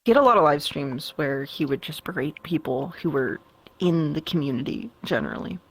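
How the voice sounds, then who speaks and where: A young woman, a guest in an interview, speaking in a matter-of-fact, halting way with fillers. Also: deep voice, lively intonation, slightly rough, rough recording. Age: young adult. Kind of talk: casual interview chat.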